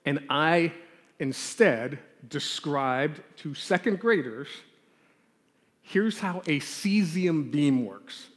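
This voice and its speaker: A man telling a lively childhood story in a sermon and then leading a prayer, acting out the scenes as he goes. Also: a little high, drawn-out words. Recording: long hall reverb.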